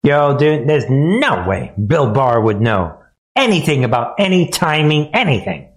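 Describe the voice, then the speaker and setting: A man hosting live political commentary at an unhurried pace. He sounds sarcastic and scoffing, and he often breaks into laughter. His voice sits at an ordinary pitch. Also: sing-song, low-quality recording. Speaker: commentary host.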